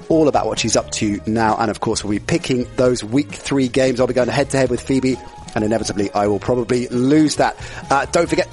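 A man hosting a sports podcast in an upbeat, chatty way, laughing easily with his guest. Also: mid-range voice. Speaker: podcast host. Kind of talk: casual sports talk.

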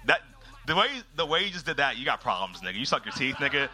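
Bright, animated man teasing the crowd. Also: medium pitch, quick pace. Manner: loud, profane, teasing banter with audience. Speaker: host. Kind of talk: live comedy crowd work.

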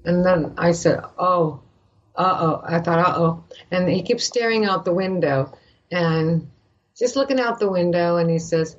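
An older woman from Canada, an actress guest, telling an animated story and acting out the voices of the people in it. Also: on the low side, measured pace, highs cut off. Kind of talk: animated anecdote in a podcast interview.

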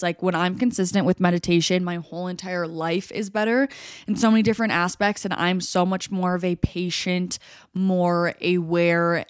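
A young woman speaks earnestly in a reflective solo podcast, her voice smooth and resonant and pitched a little low. She leans on casual "like" fillers. The sound is close and dry, with no room around it. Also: dry recording. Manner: earnest, heavy use of "like" fillers. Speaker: podcast host.

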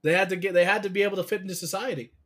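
A man co-hosting a podcast, chatting excitably and rambling, swearing freely as he tells stories. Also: sits high, very fast. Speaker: podcast co-host. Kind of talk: casual chat.

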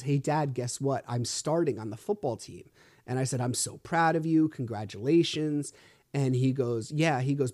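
A man talks through a solo podcast monologue, frustrated and swearing freely as he tells his story. His voice is mellow and relaxed in tone and sits at an ordinary pitch. The sound is dry and close, recorded while he lies in bed. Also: no echo. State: sore back. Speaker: podcast host. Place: lying in bed at home.

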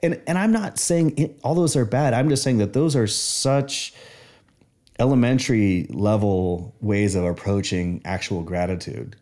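A man's voice: fairly low pitch, measured pace, mellow. A man in casual conversation, sharing personal stories in an earnest, reflective way.

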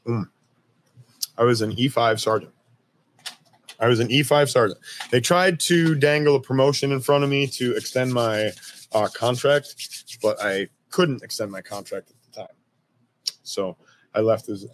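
A man in his thirties, an army veteran, telling stories in a relaxed, profane, chatty way and often breaking into laughter. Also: mid-range voice. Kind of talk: casual storytelling interview.

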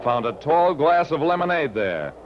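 A wry private detective narrating his casebook in a dry, knowing tone. His pitch rises and falls in a lively way. The recording is muffled and dull, with faint hiss underneath. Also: moderate pace. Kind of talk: 1940s radio acting.

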